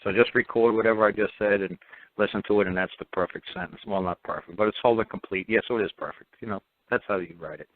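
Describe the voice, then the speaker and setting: A man hosting a call-in talk show hammers his points home with blunt repetition and mocking asides. His voice sits fairly low. It comes through a narrow, phone-like line with a dry, close sound. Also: fast talker, no room sound. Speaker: radio talk show host.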